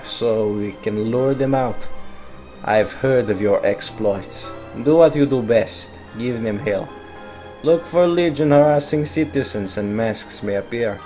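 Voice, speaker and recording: A man's voice: medium pitch, warm tone, close to an everyday voice. A man voicing a polite, scheming male crime boss in an overdone put-on Italian accent while reading game dialogue aloud.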